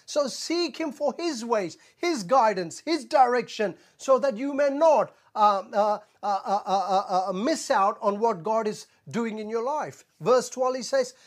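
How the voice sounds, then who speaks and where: A man's voice: very high voice, lively intonation, measured pace, hardly any pauses. Earnest male pastor preaching. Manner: earnest, repetitive, punctuates points with "Amen"; stumbles on filler sounds when searching for words. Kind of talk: sermon.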